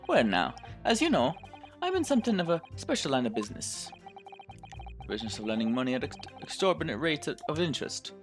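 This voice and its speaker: A man's voice: big pitch swings, fairly quick, faint music behind. A man voicing a sly male moneylender witness with an exaggerated, strained Irish accent, reading a game aloud. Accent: put-on Irish. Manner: folksy, sly, strained high put-on brogue.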